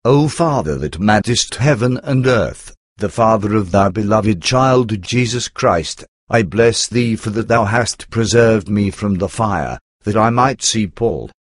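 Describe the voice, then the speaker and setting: A man reading the lines of a devout, steadfast young woman in measured, unhurried storybook narration. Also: lowish voice, animated, no room sound, clean studio sound. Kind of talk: scripted reading aloud.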